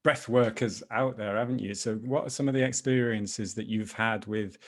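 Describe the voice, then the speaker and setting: A man hosting a conversational interview, asking friendly, relaxed questions. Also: on the low side, moderate pace. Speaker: interview host.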